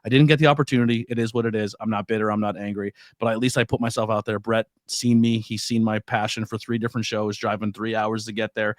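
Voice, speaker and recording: A man's voice: lowish voice, level tone, quick pace, hardly any pauses, dry recording. A man from Pennsylvania hosting a podcast, telling stories animatedly, swearing freely and laughing often. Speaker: podcast host. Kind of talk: casual interview chat.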